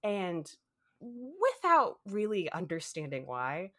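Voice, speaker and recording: A woman's voice: medium pitch, huge pitch swings, slow, sharp tone. A woman co-hosting a podcast, casually telling a long story, acting out quotes and laughing often. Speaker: podcast co-host.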